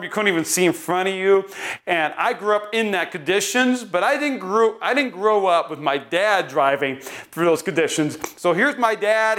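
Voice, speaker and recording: Pastor, male, thirties, high voice, earnest and pleading. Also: fairly bright tone. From North Dakota. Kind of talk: sermon. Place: church building.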